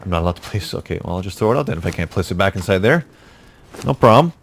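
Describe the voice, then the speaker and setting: Low-voiced man narrating his gameplay. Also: expressive, very fast, slight background noise. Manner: talks to himself, jokey, exasperated outbursts. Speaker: gaming YouTuber. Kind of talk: casual gameplay commentary.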